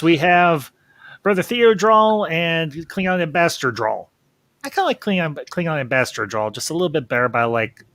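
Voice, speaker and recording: A man's voice: a little high, fairly bright tone, no room sound. A man hosting a casual livestream chat, folksy and chatty with frequent ums. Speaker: host.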